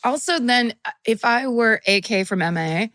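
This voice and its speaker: A woman's voice: fairly high pitch, moderate pace, no echo. A woman co-hosting a podcast, reading a listener's story aloud with frequent laughter and chatty asides. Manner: laughs often while reading, animated. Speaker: podcast co-host.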